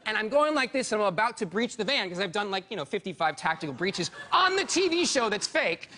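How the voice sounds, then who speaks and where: Man, from Iowa, talk show guest, animated storytelling, rambling restarts, high, sharp tone. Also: fast. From Iowa, USA. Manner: excitable, rambling with many restarts. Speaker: guest, actor. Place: television studio.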